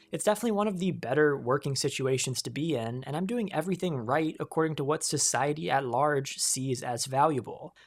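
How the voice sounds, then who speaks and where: Calm voice-over narrator. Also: medium pitch. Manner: calm, reflective, conversational. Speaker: video essayist.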